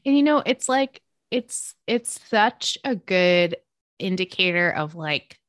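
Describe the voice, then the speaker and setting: A woman's voice: fairly low pitch, slow, no room sound. Gushing woman in a dry, close recording. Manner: gushing, excitable, many fillers. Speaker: book podcast co-host. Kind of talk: casual book discussion.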